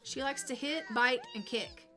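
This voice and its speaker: A woman's voice: high-pitched, huge pitch swings, a little slow, over music. A woman streaming a life-sim game, chatting casually with dry, sarcastic asides. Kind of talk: casual gameplay commentary.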